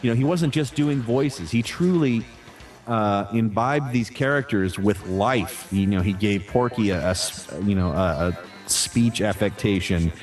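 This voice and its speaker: Talkative male voice actor, low voice. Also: unhurried, soft background music. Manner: relaxed and talkative, many restarts and fillers. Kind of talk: casual interview answers.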